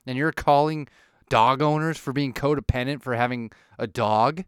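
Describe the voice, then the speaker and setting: A man on a comic rant with a very crisp, clean voice, recorded close and dry. He swears freely and keeps working himself up into mock outrage. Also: medium pitch, steady tone, normal speed, dry recording. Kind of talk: ranting monologue.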